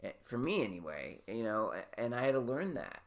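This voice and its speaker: A man's voice: mid-range voice, very animated, brisk, creaky. A man hosting a podcast, talking casually in a rambling, candid way. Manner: rambling, self-interrupting, candid. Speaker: podcast host. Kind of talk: casual chat.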